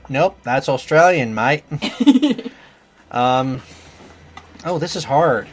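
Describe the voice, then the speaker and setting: A man's voice: mid-range voice, expressive, takes it slowly, pauses often, soft background music. A man playing a game and trying out character voices, chatting casually in a self-deprecating way.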